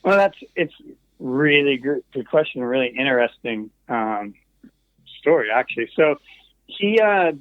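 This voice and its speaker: A man's voice: medium pitch, animated, a little slow, no room sound. Man, recording engineer guest, rambling casual anecdotes, tinny phone-like sound, dry. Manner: meandering, full of asides and trailing restarts. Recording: tinny phone-like call line.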